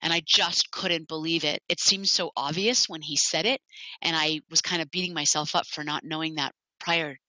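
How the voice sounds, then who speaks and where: A woman's voice: low-pitched, steady tone, normal speed, sharp tone, no room sound. A woman who founded an animal sanctuary gives a personal talk, telling her story in an earnest, heartfelt way. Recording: dull lo-fi, dry.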